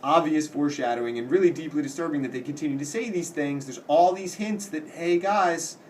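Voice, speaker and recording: A man's voice: fairly high pitch, a little mellow, recorded from a distance, a little hiss or hum. Man teaching, heard from across the room. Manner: explains plainly and reads quoted lines slowly and dramatically. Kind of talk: casual classroom-style lecture.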